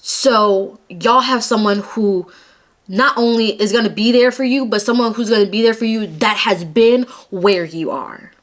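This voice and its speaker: Young woman, vlogger, heartfelt personal testimony, earnest, emotional, mid-pitched voice. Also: a little slow. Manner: earnest, emotional, close to tears.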